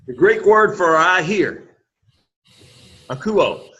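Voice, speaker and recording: A man's voice: high voice, lively intonation, slow, bright, forceful tone. Man teaching a class, lo-fi recording. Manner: encouraging, repeats words for the class to echo. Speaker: Greek teacher. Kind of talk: classroom lecture.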